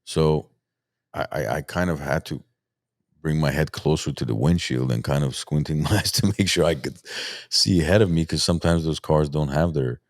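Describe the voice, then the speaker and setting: Very deep-voiced man, dry close sound. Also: dry recording. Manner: halting, searches for words, restarts. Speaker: podcast host. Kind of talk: casual podcast chat.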